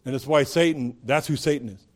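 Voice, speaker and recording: A man's voice: medium pitch, a little fast, darkish tone. A man preaching a sermon in a conversational way, asking rhetorical questions and rising to emphatic peaks. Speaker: pastor.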